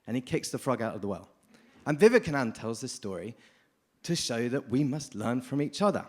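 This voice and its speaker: A man from the United Kingdom giving a lively, informal conference talk, often addressing the audience directly. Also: mid-range voice, brisk. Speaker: conference speaker. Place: conference hall.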